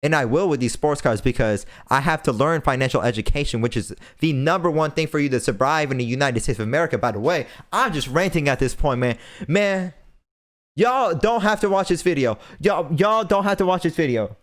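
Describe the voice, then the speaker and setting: A man's voice: on the high side, lively intonation, brisk. A young man hosting a podcast, delivering an impassioned, preachy rant and repeating phrases for emphasis. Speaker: podcast host.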